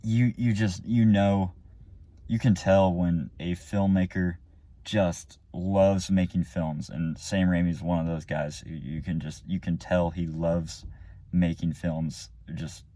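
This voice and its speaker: A man's voice: deep voice, steady tone, slow, dark tone, no echo. A man giving a casual, rambling spoken movie review, full of fillers and restarts. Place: car or room after the movie.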